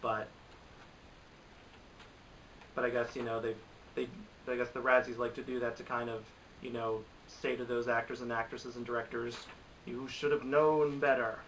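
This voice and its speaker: A man with a bright, ringing voice rambles through his reactions to bad films, exasperated and often restarting his sentences. He sits a little back from the mic, and a faint hiss runs under the home recording. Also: medium pitch, completely flat delivery, normal speed, long pauses, distant mic, low-quality recording. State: recovering from a cold. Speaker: movie reviewer. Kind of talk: casual commentary to camera.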